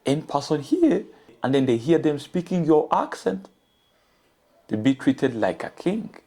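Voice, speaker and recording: A man's voice: fairly high pitch, dark tone. A man from Africa hosting his own commentary channel, speaking earnestly and directly to his viewers in a preachy monologue.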